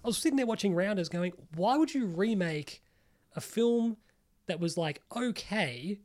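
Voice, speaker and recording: A man's voice: high voice, lively intonation, normal speed, darkish tone. A man co-hosting a casual pop culture podcast, rambling animatedly with lots of "like" and the odd swear. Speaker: podcast co-host. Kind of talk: casual chat.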